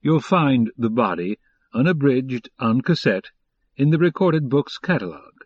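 A man's voice: medium pitch, animated, measured pace, no echo, highs cut off. Dry male audiobook announcer. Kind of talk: scripted announcement.

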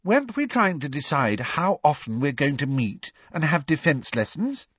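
A man's voice: a little high, very animated, moderate pace, a bit bright, breathy edge, dry recording, pitched above the performer's own voice, exaggerated voice. A man voicing a firm, practical teenage schoolgirl, in a storybook reading. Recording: dry, slightly dull recording.

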